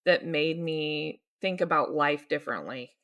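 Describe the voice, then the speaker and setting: A woman's voice: deep voice, measured pace, fairly bright tone. A woman co-hosting a book club podcast, chatting casually and reading aloud playfully, laughing easily. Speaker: podcast co-host.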